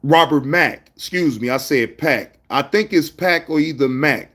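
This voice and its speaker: A man with a fairly high voice hosts a casual livestream and talks straight to his chat. He is animated and loose with slang, calling out viewers by name between stories. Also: a little slow. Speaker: livestream host.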